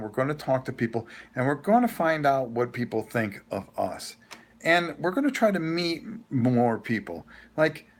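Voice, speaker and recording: A man hosting a casual live vlog, telling a rambling, animated story with frequent restarts. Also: medium pitch. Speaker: host.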